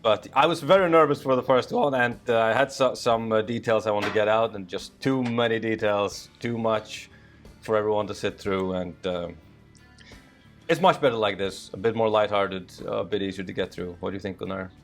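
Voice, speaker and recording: A man's voice: on the low side, moderate pace, soft background music. A man hosting a casual band podcast, laughing often and restarting sentences with fillers. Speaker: podcast host. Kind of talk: casual chat.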